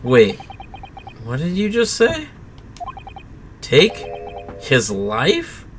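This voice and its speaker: A woman's voice: low voice, huge pitch swings, a little hiss or hum, pitched below the performer's own voice, exaggerated voice. A woman reading an anxious young defendant. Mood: dismayed. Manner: halting, dismayed.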